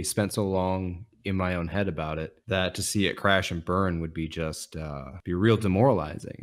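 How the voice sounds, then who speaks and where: A man in a casual podcast discussion, reflective and candid, sometimes trailing off. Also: low voice.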